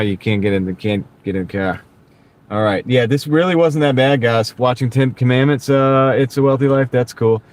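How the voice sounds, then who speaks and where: With slight background noise, a mid-range-voiced man streams while he drives for a delivery app, bantering casually with viewers between orders. His wireless clip-on mic picks him up in the car.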